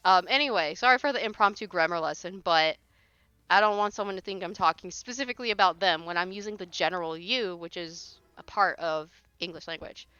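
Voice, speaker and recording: Blunt bright-voiced woman streamer. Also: lowish voice, a little fast, clean tone, no echo, dull audio. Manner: blunt, exasperated, swears casually. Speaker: streamer reading paranormal posts. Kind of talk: casual live-stream chat.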